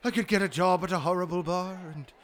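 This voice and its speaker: A man's voice: high-pitched, steady tone, fast talker, a bit bright, voice pushed down. A man playing a swaggering Scottish rogue colonel. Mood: indignant. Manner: swaggering, then melodramatically self-pitying. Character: brash male Scottish rogue colonel, boastful and dramatic.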